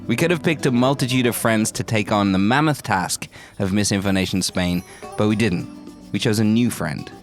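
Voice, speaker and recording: A man's voice: fairly low pitch, normal speed, hardly any pauses, soft background music. A man co-hosting a podcast, chatting in a teasing, joking way and reading scripted intro lines. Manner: teasing, jokey. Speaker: podcast co-host.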